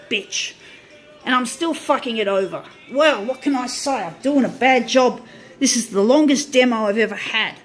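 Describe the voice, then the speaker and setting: Woman vlogger, high-pitched, profane ranting demo, faint music underneath. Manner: profane, ranting, half-laughing. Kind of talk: angry ranting product demo. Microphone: phone.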